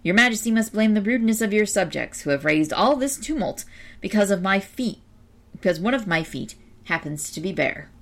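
A woman voicing a polite, earnest young hero in a storybook reading, speaking calmly and courteously. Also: mid-range voice, normal speed, vocal fry.

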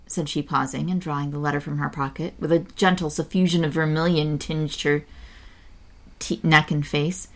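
A woman's voice: low voice, fairly even intonation, normal speed. A woman hosting a show and reading a classic novel aloud, stumbling now and then and breaking off for chatty asides. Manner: unpolished, stumbles and corrects herself, chatty asides. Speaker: reader and show host.

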